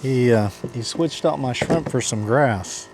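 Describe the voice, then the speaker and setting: Excitable man fishing from a kayak. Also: mid-range voice, a little slow, slight background noise. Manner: excitable, talks to viewers while fishing. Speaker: fishing vlogger host. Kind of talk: casual running commentary. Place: outdoors on a kayak on saltwater.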